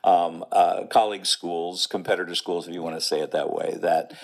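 A man's voice: sits low, steady tone, moderate pace, vocal fry. A middle-aged man, a music professor and choral conductor, talking as an interview guest, earnest and explanatory with plenty of fillers and restarts.

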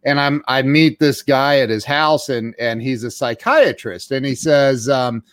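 A podcast host with a mid-range voice speaks a little slowly while chatting casually on his interview show. He's an animated storyteller who acts out voices in his anecdotes, and the audio is clean studio sound with no room sound.

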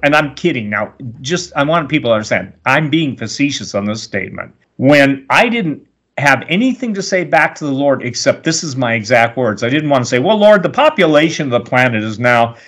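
A man's voice: medium pitch, expressive, brisk, a bit bright. An older man speaking as an interview guest, emphatic and preacherly, with rambling asides. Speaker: radio host, guest. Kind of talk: animated interview talk.

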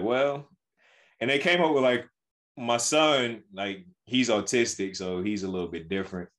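Speaking at a moderate pace in a mid-range voice, a young man co-hosting a podcast shares a family story over casual conversation. He brings it to life by performing the dialogue himself.

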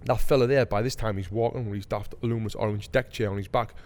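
A middle-aged man, co-hosting a podcast, telling a story in casual chat, animated and swearing, acting out the voices of the people he quotes. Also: fairly low pitch, fast, big-room sound. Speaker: podcast co-host.

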